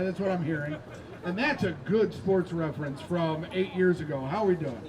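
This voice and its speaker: High-voiced self-deprecating male stand-up comic. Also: low-quality recording. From Indiana. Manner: self-deprecating, rambling storytelling with crowd banter and swearing. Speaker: stand-up comedian. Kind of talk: stand-up set. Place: outdoor rooftop. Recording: outdoor noise behind the voice.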